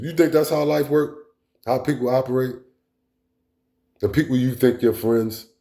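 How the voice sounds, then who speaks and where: A man's voice: lowish voice, a little mellow. A man delivering a blunt, profane, rambling monologue as a vlog host. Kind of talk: casual monologue rant.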